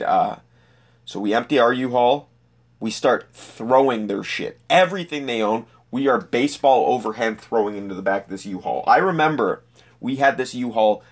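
A young man telling a personal story in a casual, profane, animated way. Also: on the low side. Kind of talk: personal anecdote monologue.

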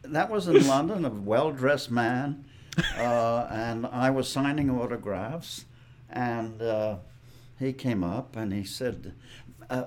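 An older man, a guest actor, telling anecdotes in a measured, dry way during an interview. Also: medium pitch, a little hiss or hum.

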